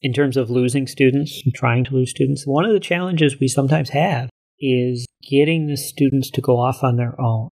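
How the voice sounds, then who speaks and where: A male college instructor calmly explaining the course he co-teaches, in a measured conversational way. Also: mid-range voice. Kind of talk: casual conversation.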